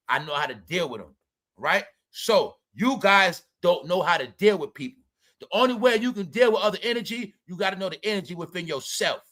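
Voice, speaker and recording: Male vlog host, sharp and bright tone, profane ranting commentary aimed at the audience. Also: a little high. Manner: profane, scolding, talks straight at the audience; big swings between loud and muttered. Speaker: celebrity gossip commentator.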